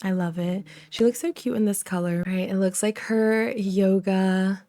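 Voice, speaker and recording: Warm, gushing woman narrating a life-sim game. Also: mid-range voice, fairly even intonation, unhurried. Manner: gushing, chatty, voices the characters' thoughts. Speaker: let's play host. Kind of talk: casual gameplay commentary.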